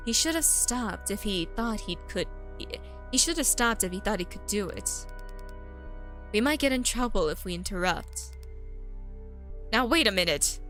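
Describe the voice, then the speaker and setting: Woman streamer reading a game aloud, slow and bright, with playful asides. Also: fairly high pitch. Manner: reads all characters aloud, joking asides. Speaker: streamer voicing a visual novel. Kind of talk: let's-play reading with commentary.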